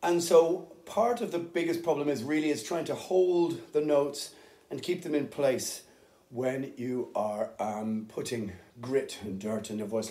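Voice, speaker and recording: A middle-aged heavy metal singer speaks in a warm, medium-pitched voice about his vocal technique. He's casual and unprepared, rambling with many fillers, and the rehearsal room adds a roomy echo.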